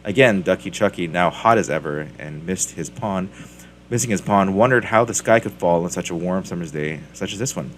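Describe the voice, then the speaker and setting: A man's voice: low voice, moderate pace, a little hiss or hum. A man hosting a crypto mining video, casually chatting and reading a children's story aloud with ums and self-corrections.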